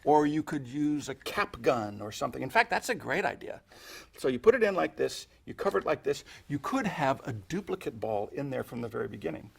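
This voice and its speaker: A man's voice: mid-range voice, very animated, a little fast, creaky, breathy edge. A man demonstrating sponge-ball magic step by step, chatty and playful, adding little sound effects as he goes. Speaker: magic instructor. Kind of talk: instructional magic tutorial.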